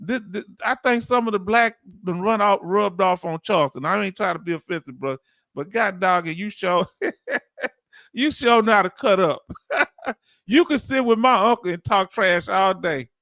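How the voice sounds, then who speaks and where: A man with a Southern accent hosts a casual livestream, chatting in a loose, folksy way and calling out to his viewers. His voice sits high and has a gravelly edge. The sound is close and dry. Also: lively intonation, moderate pace, a bit bright, dry recording. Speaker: livestream host. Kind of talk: casual livestream chat reading comments.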